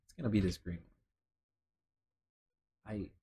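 A young man from Chicago talking casually and excitedly, with lots of slang and swearing, as he reacts to new streetwear items. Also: lowish voice, measured pace, slight background noise. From Chicago, United States. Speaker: streetwear vlogger. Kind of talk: casual commentary while browsing a lookbook.

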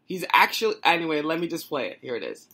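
A woman's voice: sits low, very animated, fast, a bit bright. A woman hosting a political commentary show, talking casually and incredulously with laughing asides.

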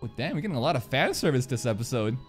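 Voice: mid-range voice, rapid-fire. An anime reactor talks through an episode in loose, profane commentary, with a voice that leaps all over its range. They break into laughter often and egg the characters on. Faint music plays underneath. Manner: excitable, swears a lot, laughs often. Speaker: anime reaction channel host.

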